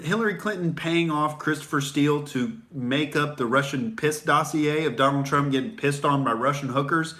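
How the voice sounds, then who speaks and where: A man's voice: on the high side, fairly bright tone. A young man hosting a profane, sarcastic political rant, rambling with fillers. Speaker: comedian host. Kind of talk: ranting livestream commentary.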